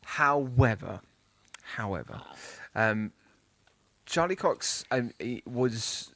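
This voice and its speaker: A man's voice: medium pitch, lively intonation, slow, gravelly, fairly bright tone, no echo. A man co-hosting a casual podcast review, asking questions and sharing trivia with listeners. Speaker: podcast co-host.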